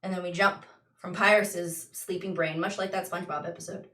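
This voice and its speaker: A woman game master slowly narrating a tabletop dream scene, with small restarts. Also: on the low side, level tone, a bit bright, distant mic. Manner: slow, descriptive storytelling with restarts. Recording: echoey room, voice off-mic.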